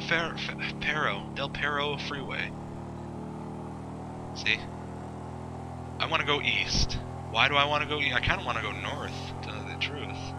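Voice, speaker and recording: The recording is very noisy, and the gameplay host's voice sits in the mid range. He keeps up a sarcastic, meandering commentary, cursing a lot and talking to himself throughout his play.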